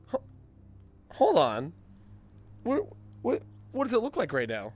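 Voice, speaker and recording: A man streaming a roleplay game, joking crudely and loudly in casual banter with a hoarse voice. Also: sits high, huge pitch swings, slow pace, long pauses, dry recording, faint music behind.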